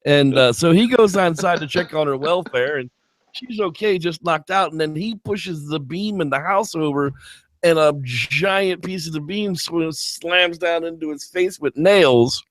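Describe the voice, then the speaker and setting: A man in casual chat, recounting a film's plot with rising excitement and a slightly high voice. He speaks close to the mic in a dry, deadened space, pitching up sharply when he acts out characters. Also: a little slow, dry recording. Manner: animated retelling, squeals when quoting characters. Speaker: podcast co-host. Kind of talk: casual movie review chat.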